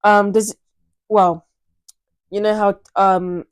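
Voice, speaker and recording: A teenage girl co-hosts a casual podcast conversation. She speaks at a medium pitch, hesitant and thoughtful, and often restarts her sentences as she works out what she means. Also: level tone, slow pace, clean tone. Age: teens. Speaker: podcast co-host. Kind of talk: casual chat.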